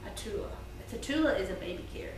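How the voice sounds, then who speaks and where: A woman's voice: mid-range voice, animated, quick pace, far from the mic. A young woman, chatting playfully and eagerly with her mother and often saying "like". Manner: playful, enthusiastic, says "like" a lot. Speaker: host's daughter. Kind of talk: casual family chat. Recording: echoey room, off-mic, with background noise.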